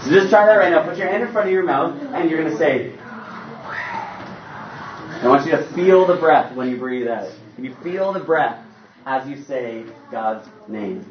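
A man preaching a sermon in an animated, conversational way with playful asides. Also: a little high, moderate pace, background noise. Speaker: pastor. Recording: roomy, distant, dull sound.

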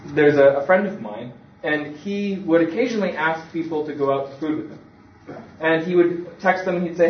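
A man delivers a sermon, telling it like a story and acting out the voices in the quotes. His voice sits a little high. He is recorded from a distance in an echoey room, and the sound is a bit dull. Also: normal speed. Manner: conversational storytelling with acted quotes. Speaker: preacher.

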